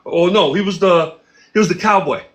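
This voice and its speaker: Male interview guest, high voice, animated storyteller who acts out the dialogue. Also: normal speed. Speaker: interview guest, music producer. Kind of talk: casual storytelling.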